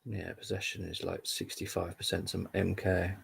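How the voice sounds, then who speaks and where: A man's voice: deep voice, completely flat delivery, normal speed, gravelly, a little hiss or hum. A young man hosting a live football stream, chatting in a rambling, casual way with lots of fillers. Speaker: livestream football update host.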